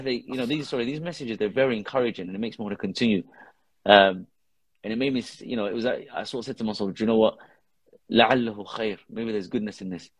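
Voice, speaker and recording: A man's voice: lowish voice, no room sound. A man telling an earnest personal story in a casual podcast conversation, with Arabic religious phrases woven into his talk. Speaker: guest, father who posts videos with his daughter.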